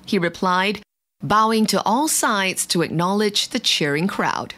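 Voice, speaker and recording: A woman narrating a bedtime fable, gentle and measured. She reads at a slow, unhurried pace, with her voice sitting in an ordinary middle register. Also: mid-range voice, animated. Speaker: storyteller. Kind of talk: bedtime story reading.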